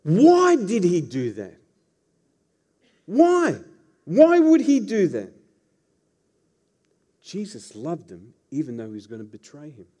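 Animated preacher man, lively pitch. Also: slow, long pauses. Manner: animated storytelling preacher with playful asides. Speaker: pastor. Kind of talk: sermon.

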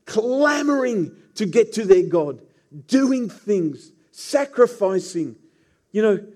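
A man's voice: sits high, warm tone. A man preaching a sermon as pastor, telling the story with playful asides to the congregation.

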